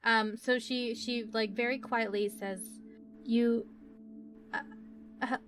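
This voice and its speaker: A woman's voice: a little high, fairly even intonation, unhurried, a bit bright, faint music behind. A woman playing a tabletop game, describing her character's actions hesitantly with lots of fillers. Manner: hesitant, full of fillers like "kinda". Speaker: player. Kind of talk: casual tabletop role-play.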